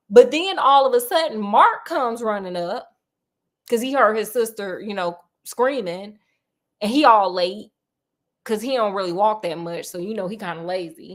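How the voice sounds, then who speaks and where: A woman retells a spooky novel in a loose, joking way, slipping in slang and asides to her listener. Her voice sits a little high for a woman, and she talks like she is chatting with a friend. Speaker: storyteller. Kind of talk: casual retelling of a horror novel.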